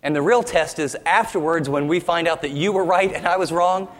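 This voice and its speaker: A man's voice: fairly high pitch, a little fast, in a large hall. A man preaching a sermon as pastor, emphatic and with humorous asides.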